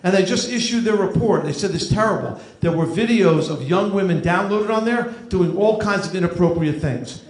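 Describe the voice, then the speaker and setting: High-voiced man in his fifties doing stand-up. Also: moderate pace, few pauses, a little mellow. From New Jersey. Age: 50s. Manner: dry, self-deprecating joke delivery. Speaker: stand-up comedian. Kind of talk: stand-up comedy set. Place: comedy club stage with laughing audience. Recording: echoey club room, audience noise.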